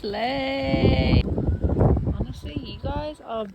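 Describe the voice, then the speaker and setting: A woman's voice: sits high, extremely slow, creaky, highs cut off. A woman vlogging at an animal sanctuary farm, gushing and cooing at the animals in baby talk. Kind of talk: casual vlog chat. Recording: loud outdoor wind and noise.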